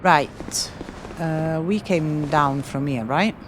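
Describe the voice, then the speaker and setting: A woman, streaming a game casually, excitable and swearing often as she talks to her viewers. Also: deep voice, takes it slowly, background noise. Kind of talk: casual live-stream commentary.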